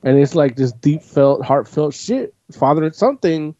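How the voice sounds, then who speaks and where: A man's voice: fairly high pitch, animated, unhurried, mellow, dry recording. A man hosting a casual chat, rambling and swearing freely, with "like" in nearly every phrase. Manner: rambling, profane, full of "like". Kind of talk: casual chat, recapping a comic. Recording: dull lo-fi audio.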